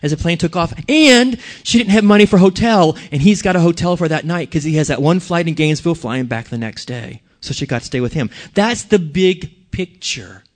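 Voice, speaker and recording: Preacher, male, slightly high voice, lively storyteller who quizzes the room. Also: fast talker, few pauses. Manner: animated and storytelling, asks the congregation questions. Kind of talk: conversational sermon.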